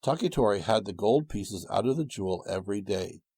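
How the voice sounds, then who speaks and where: A man reading a storybook tale aloud with a gentle, old-fashioned storytelling cadence and a husky voice. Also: fairly low pitch, expressive, brisk, no echo. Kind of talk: storybook narration.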